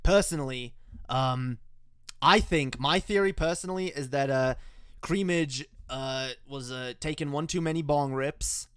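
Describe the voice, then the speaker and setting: A man from Canada with an unusual mixed accent talks through a sarcastic reaction video. His pitch is ordinary for a man, and the recording is dry with no room sound. He stammers, repeats words, laughs a lot and swears freely. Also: unhurried, fairly bright tone, clean tone, dry recording. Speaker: commentary video host.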